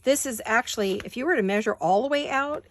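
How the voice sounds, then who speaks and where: A woman's voice: a little high, fast. Chatty woman narrating a craft project. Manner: talks to herself while working, mutters asides. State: has the hiccups. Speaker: craft video host. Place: home craft studio.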